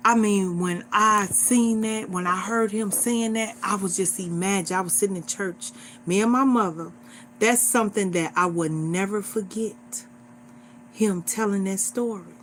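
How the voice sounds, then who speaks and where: A woman's voice: mid-range voice, measured pace, slight background noise. A woman in her forties hosting a livestream, talking to her viewers in an earnest, repetitive, exhorting way, like a casual sermon. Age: 40s. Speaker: livestream host.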